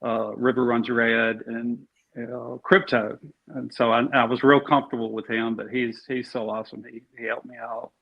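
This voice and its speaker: A man's voice: mid-range voice, little pitch movement, normal speed, creaky. A man being interviewed as an actor, talking easily and rambling with many fillers and restarts. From Alabama. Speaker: actor guest. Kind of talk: casual interview chat. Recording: dull lo-fi sound.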